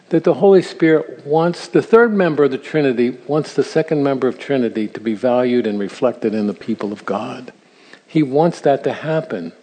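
A man's voice: mid-range voice, mellow. An older man teaches in a sermon style, earnest and storytelling, often chuckling at his own asides. His mid-range voice carries a long reverb that fills a big hall. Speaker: speaker at a church seminar for grandparents.

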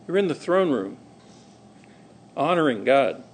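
A middle-aged man delivering a sermon with a fairly high voice for a man. He preaches in a lively, conversational way and slips into acted-out voices for quoted conversations. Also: unhurried, slight background noise. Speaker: pastor.

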